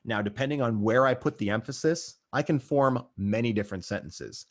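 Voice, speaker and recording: Male paramedic instructor, medium-pitched, talks through a recorded lecture in a casual conversational way with dry jokes. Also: brisk, hardly any pauses. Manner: conversational, dry asides, checks in with "right?".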